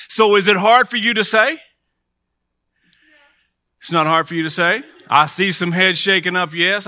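A man's voice: a little high, sharp tone, dry recording. A middle-aged man preaching a sermon in a conversational way, leading the congregation in call-and-response.

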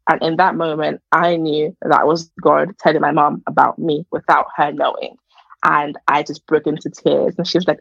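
Husky young woman, chatty. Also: low voice, flat delivery, moderate pace, a bit bright, no echo, dull audio. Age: young adult. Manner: earnest, chatty, many fillers. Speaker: podcast guest. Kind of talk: casual personal testimony.

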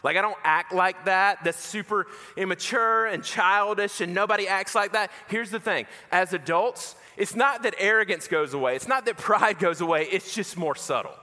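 Bright-voiced preacher in a reverberant hall. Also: male voice, sits high, moderate pace, hardly any pauses. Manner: animated, self-mocking storyteller who acts out dialogue. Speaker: pastor. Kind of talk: sermon with personal storytelling.

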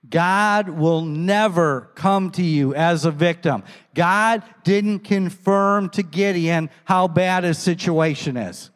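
Slow, high-voiced preacher in an echoey hall. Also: male voice. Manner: storytelling, acts out quoted voices. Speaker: pastor. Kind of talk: sermon.

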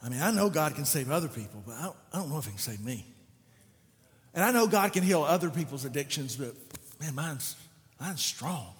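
A man's voice: lively intonation, fairly quick, long reverb tail, lightly acted. A preacher putting on a hesitant, mumbling voice for a defeated churchgoer who doubts he can be saved. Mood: despairing. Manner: mumbling, hesitant, low and quiet.

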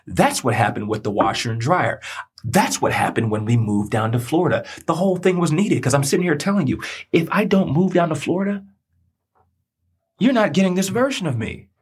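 Male podcast host, husky, earnest sermon-like delivery. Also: a little high, lively intonation, a little fast. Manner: earnest, preacherly, repeats phrases for emphasis. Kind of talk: personal storytelling monologue.

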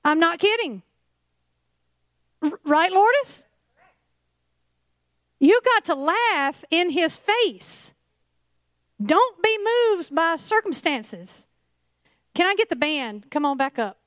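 A woman preaching a lively sermon, laughing and acting out little scenes as she talks. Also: very high voice, slow pace, long pauses, dry recording.

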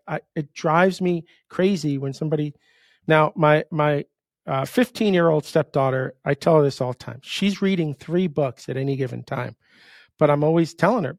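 A man's voice: a little high, creaky, no echo, studio quality. A middle-aged man hosting a casual conversation, emphatic and full of questions. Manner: emphatic, asks lots of questions. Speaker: host.

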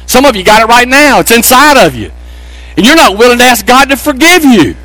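A man's voice: sing-song, a little fast, pushed and bright, no room sound, low-quality recording. A man from Texas, preaching a sermon with emphatic, rising delivery. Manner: emphatic, pitch climbing on key phrases. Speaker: pastor.

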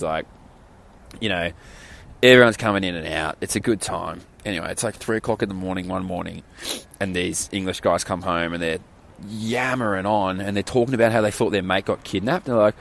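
A man's voice: on the low side, creaky, fairly bright tone. A man with an Australian accent, chatting alone on a podcast in a candid, rambling way and swearing casually. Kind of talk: solo podcast chat.

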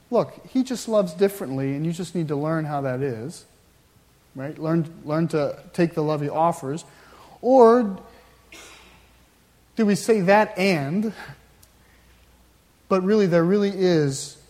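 A man's voice: high-pitched, a little mellow. A male pastor preaching a sermon in a conversational storytelling way, with wry asides. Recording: long hall reverb.

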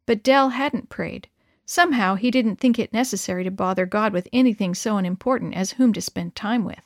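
A woman's voice: medium pitch, moderate pace, dry recording, studio quality. Woman reading a children's story aloud.

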